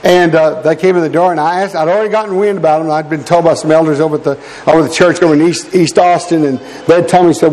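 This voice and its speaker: A male preacher with a high-pitched voice delivers an earnest, exhorting sermon, weaving in personal stories and calling out to the brethren. His voice rings with a long reverb, as in a church hall. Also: fairly even intonation, fast talker, few pauses, darkish tone.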